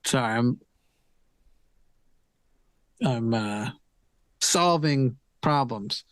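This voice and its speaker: A man's voice: medium pitch, lively intonation, drawn-out words, a bit bright, no echo. A man joining a charity livestream as a guest, joking, teasing and thinking aloud while he fixes his stream settings. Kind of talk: casual livestream chat.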